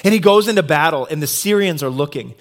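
A male pastor giving a sermon, retelling a story in a conversational, animated way. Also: on the high side, fast talker.

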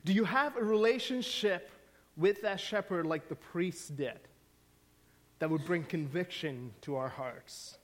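Slow, deliberate male preacher. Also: on the high side, animated. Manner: storytelling, swings from hushed to emphatic. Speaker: pastor. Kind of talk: sermon. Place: church sanctuary.

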